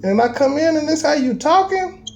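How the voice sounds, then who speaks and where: A man in casual chat, telling a personal story with animated emphasis and street slang. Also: extremely high pitch, moderate pace.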